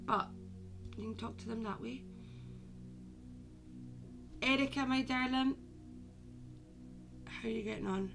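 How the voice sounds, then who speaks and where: A woman's voice: fairly high pitch, a little slow, creaky, pauses often, fairly bright tone, faint music behind. A woman hosting a live stream as a medium, chatting casually with viewers and calling them "my darling".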